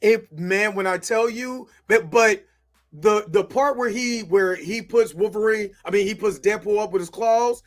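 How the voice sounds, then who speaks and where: A man hosting a casual movie review chat, animated and laughing often as he acts out scenes. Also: sits high, a little slow. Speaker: host.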